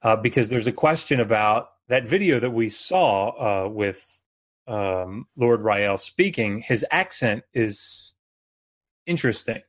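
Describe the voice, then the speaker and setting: A man speaking as a guest expert on a podcast, explaining at length with frequent fillers and pauses. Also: on the low side, animated. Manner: hesitant, many fillers. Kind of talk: casual podcast chat.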